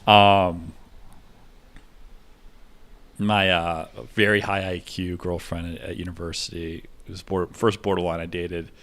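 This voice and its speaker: Rambling low-voiced man telling stories. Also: flat delivery, measured pace, pauses often, a bit bright. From United States. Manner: rambling, digressive, jumps between topics. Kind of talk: rambling monologue.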